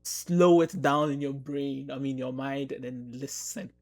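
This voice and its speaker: A man's voice: medium pitch, measured pace. A man hosting a podcast in casual conversation, supportive and agreeable, often backing his guest with short affirmations. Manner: supportive, lots of mm-hmms and agreement. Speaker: podcast host.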